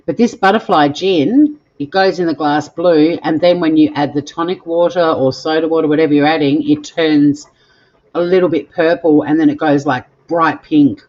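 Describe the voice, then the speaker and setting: A woman's voice: sits low, fairly even intonation, normal speed, a little mellow, dull audio. An Australian woman hosting a live cooking stream from her home kitchen, chatting to viewers in a bubbly way as she cooks. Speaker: cooking show host.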